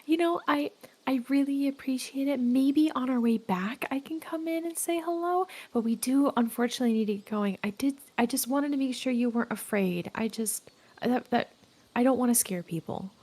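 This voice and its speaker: Woman, player at tabletop game, high pitch, chatty, giggles a lot. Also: normal speed, a little mellow. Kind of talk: casual chat at game table.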